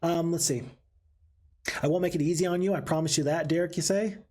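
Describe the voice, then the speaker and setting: Male game streamer, slightly high husky voice, talkative, reads chat aloud, light background music. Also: fairly quick. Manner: chatty, reads chat aloud, excitable outbursts. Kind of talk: live game commentary with chat.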